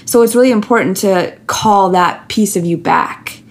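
A woman's voice: medium pitch, moderate pace. A woman, a podcast guest, talking candidly and earnestly, telling personal stories with many restarts and fillers.

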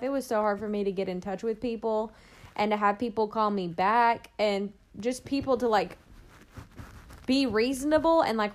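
A young woman co-hosting a podcast, chatting casually and telling stories with lots of "like". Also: a little high. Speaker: podcast co-host. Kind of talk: casual chat.

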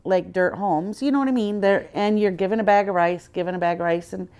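A woman's voice: mid-range voice, a little fast, a little mellow, clear, resonant tone. A woman guest on a podcast, earnestly telling her personal faith story in conversation and acting out the dialogue she quotes.

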